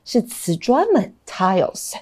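A woman's voice: medium pitch, sing-song, slow pace, darkish tone. A woman co-hosting a lesson, explaining English grammar. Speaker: teacher co-host.

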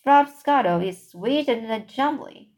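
A woman voicing an enormous friendly male giant who talks in booming, muddled grammar. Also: expressive, slow pace, a little mellow. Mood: excited.

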